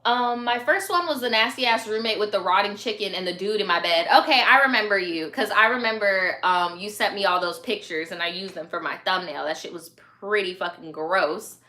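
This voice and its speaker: A woman's voice: mid-range voice, normal speed, few pauses, bright, forceful tone. A young woman hosting a live stream, reading viewer stories in a chatty, slangy way, laughing and swearing often. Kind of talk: casual chat.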